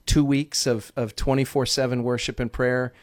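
Animated male radio guest telling a story. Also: mid-range voice, moderate pace. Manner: animated storyteller, acts out quotes, uses "like". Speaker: guest, ministry leader.

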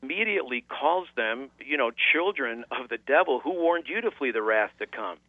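A man's voice: medium pitch, animated, moderate pace, no echo. Radio host guy, wry, quotes bible a lot, tinny phone-ish sound. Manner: wry, quotes scripture at length. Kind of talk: debate on a call-in radio show.

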